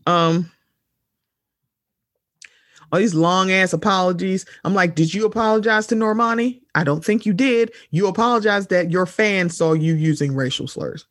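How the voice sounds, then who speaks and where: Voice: medium pitch, a little slow, pauses often, a bit bright, dry recording, clean studio sound. A podcast co-host in casual pop-culture chat, talking bluntly and sarcastically with plenty of swearing and asides to listeners. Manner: blunt, profane, sarcastic, addresses listeners as y'all.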